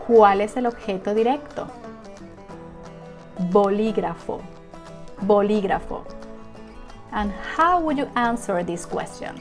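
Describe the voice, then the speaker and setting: Slow, careful teacher woman. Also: medium pitch, soft background music. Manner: slow, careful model sentences with questions to the viewer. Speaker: Spanish teacher. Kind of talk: language lesson.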